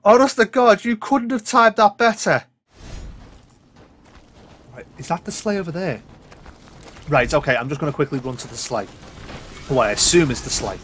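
A man's voice: a little high, normal speed, long pauses, a bit bright, a little hiss or hum. A man with a sweary, exasperated manner, commentating his own gameplay and talking back to the game. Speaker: gaming YouTuber.

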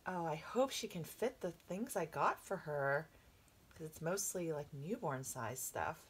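A gushing, excitable woman unboxing something for her viewers, her voice swooping lively up and down. She talks at an unhurried, lingering pace and has a slight cough from a coming cold. A faint hiss of noise sits behind her. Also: deep voice. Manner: gushing, excitable, drifting into hushed whispers. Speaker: reborn doll collector vlogger. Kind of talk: unboxing vlog, talking to viewers.

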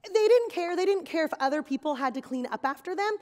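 Lady doing a kids sermon in a church, high voice, big echoey hall, really animated. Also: fast talker. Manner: animated, exaggerated storytelling for children. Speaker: children's sermon leader. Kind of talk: kid's sermon with acted skit. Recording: long reverb in a hall.

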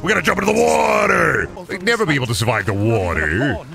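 A man streaming a video game, talking crudely and excitably and laughing often. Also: high voice, very fast, creaky. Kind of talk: casual gameplay commentary. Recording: music playing behind the voice.

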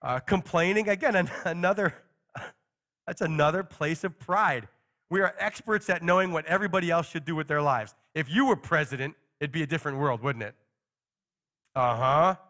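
A middle-aged male pastor preaching in an easy, conversational way. His voice sits somewhat high for a man. He slips into little acted-out quotes and dry jokes as he goes. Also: moderate pace, bright, forceful tone. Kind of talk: sermon.

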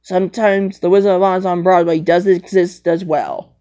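A woman scolding and bantering through improvised toy play, repeating herself with sudden high loud cries. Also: steady tone, normal speed. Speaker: vlogger.

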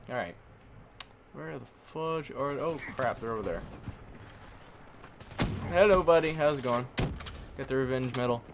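A man giving live commentary over his own gameplay, jokey and prone to sudden yelps and shouts. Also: medium pitch, a little slow, vocal fry, long pauses, background noise. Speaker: gaming commentator.

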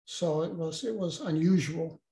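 An older man, a guest, recounting a personal experience in a halting way with many restarts. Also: a little high, gravelly, mellow, roomy sound.

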